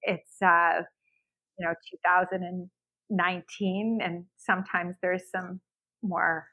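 A woman interviewing a guest in casual conversation, asking questions in a halting way. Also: fairly low pitch, little pitch movement, bright, forceful tone.

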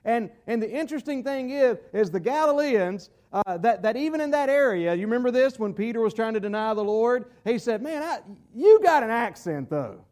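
A man's voice: extremely high pitch, fairly quick, few pauses, a little mellow. A man with a Southern US accent preaching a sermon in a folksy way, often repeating words as he searches for the phrasing. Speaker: pastor.

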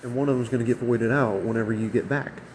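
Guy ranting about a coworker from his shift, cussing a lot, mid pitch, faint ac hum behind him. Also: fairly even intonation, fast talker, darkish tone, rough recording. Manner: profane, exasperated, quotes people in mocking voices. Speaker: restaurant shift manager. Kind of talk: casual storytelling rant.

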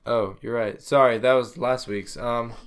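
A young man hosting a casual podcast chat at a desk mic, self-deprecating and quick to laugh, reading aloud with loud jokey emphasis. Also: mid-range voice, fairly even intonation, clear, resonant tone. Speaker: podcast host.

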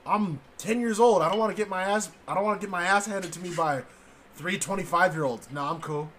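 Young man, early twenties, casual storytelling, profane, laughing, slightly high voice, faint background hiss. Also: a little fast, a bit bright. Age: 20s.

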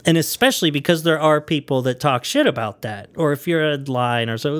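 A man's voice: fairly high pitch, moderate pace. A man co-hosting a podcast in loose, rambling casual chat, full of fillers and frequent laughter. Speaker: podcast co-host.

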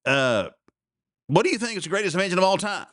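A man's voice: high-pitched, very animated, fast talker, fairly bright tone, no room sound, studio quality, pitched above the performer's own voice. A man doing a chirpy, eager street interviewer. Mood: polite, chirpy.

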